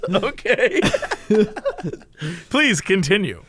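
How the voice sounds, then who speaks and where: A man co-hosting a podcast in casual chat, teasing and asking quick questions. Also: high voice, animated, fairly bright tone, no echo. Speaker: podcast co-host.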